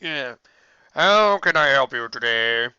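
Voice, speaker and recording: Casting: reader doing a weary gray-bearded stallion clerk, sharp clear voice, courteous and tired. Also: mid-range voice, expressive, slow, no room sound, muffled recording, exaggerated voice. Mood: weary politeness. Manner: worn, tired, polite.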